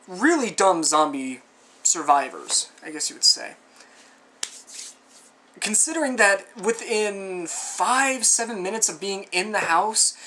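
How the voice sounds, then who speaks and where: A man's voice: high voice, pushed and bright. Rambling, exasperated man reviewing a film. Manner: rambling and conversational, with frequent asides; exasperated, sarcastic commentary. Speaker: movie reviewer. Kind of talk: casual film review monologue.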